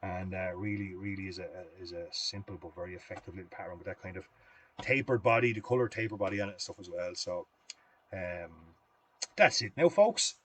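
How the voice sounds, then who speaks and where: A man's voice: low voice, fairly quick, a bit bright, husky. A middle-aged Irish man demonstrating fly tying on a livestream, chatting in a rambling, folksy way between steps.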